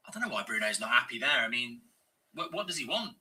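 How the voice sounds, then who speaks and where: A man reacting to a football match live as a fan channel host, exasperated and swearing, often breaking into shouted rants. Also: medium pitch, sing-song, quick pace, rough recording. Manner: swearing, exasperated, ranting at the game.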